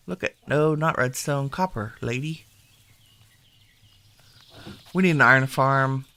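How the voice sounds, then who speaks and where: A man's voice: medium pitch, slow pace, vocal fry, pauses often, pushed and bright, a little hiss or hum. A man giving casual gameplay commentary as a video host, chatting and thinking aloud to himself while he sorts things.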